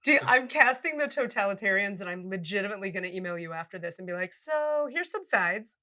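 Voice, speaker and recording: A woman hosting a casual podcast chat, blunt and quick to swear. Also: mid-range voice, bright, forceful tone. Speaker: podcast host.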